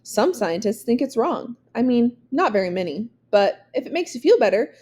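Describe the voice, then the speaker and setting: A rambling young science-buff boy from a storybook, read by a woman. He talks in a soft, mellow voice and drifts off in the middle of a thought. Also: a little high, big pitch swings, normal speed. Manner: rambling, trailing off.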